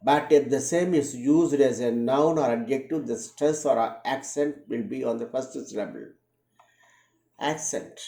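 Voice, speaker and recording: A man delivers a read-aloud lecture in a warm, mellow voice. He speaks in a measured way and repeats example words slowly to show where the stress falls. The recording carries a roomy echo. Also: medium pitch, gravelly.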